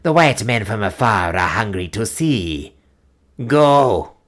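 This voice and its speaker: A man's voice: fairly low pitch, lively intonation, slow pace, a bit bright. A man doing an ancient vulture-like witch-doctor woman. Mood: menacing.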